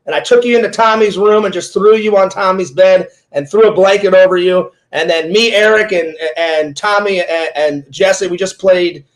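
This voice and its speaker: A man's voice: high-pitched, moderate pace, few pauses, poor audio. A man in his forties, an interviewer and streamer, telling a long casual story full of quoted back-and-forth. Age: 40s. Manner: rambling retelling full of "he goes" quotes.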